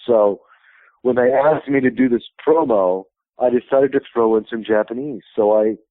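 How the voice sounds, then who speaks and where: A man in his fifties calls in as a guest and tells long, rambling stories. His voice sits at an ordinary middle pitch. It comes through a tinny, dry phone line. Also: moderate pace, no room sound. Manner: rambling anecdotal storyteller. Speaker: wrestling promotion president, interview guest. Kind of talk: phone interview, telling stories. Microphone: telephone.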